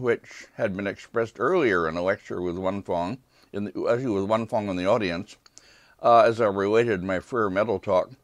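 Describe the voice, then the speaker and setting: A man's voice: fairly low pitch, no room sound, studio quality. Older man giving an art history lecture. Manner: measured, apologetic asides to a slide operator. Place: lecture hall.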